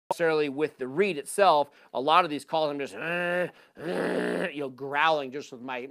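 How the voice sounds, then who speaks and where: A man presenting a live talk to an audience on a handheld mic, casual and energetic, with lots of fillers. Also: on the high side. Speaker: hunting seminar presenter.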